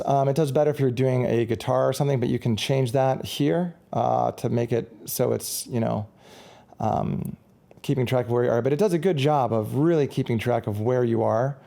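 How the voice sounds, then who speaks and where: Gravelly, mellow-voiced man rambling casually. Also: mid-range voice. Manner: rambling, chatty, self-correcting. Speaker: musician reviewing gear. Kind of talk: casual product review.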